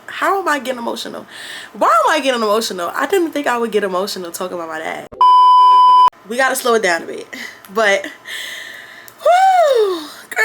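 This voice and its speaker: A woman's voice: medium pitch, fairly bright tone, a little hiss or hum. A young woman vlogger from New York, talking candidly and with plenty of slang and swearing in a casual chat to her camera.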